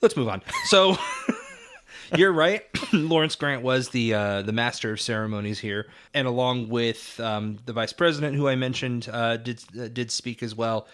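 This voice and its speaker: A man co-hosting a podcast on classic film, sounding relaxed and conversational. He thinks aloud and pauses on small fillers. His voice sits at an ordinary mid-range pitch. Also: clean tone. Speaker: podcast co-host. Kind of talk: casual film-history chat.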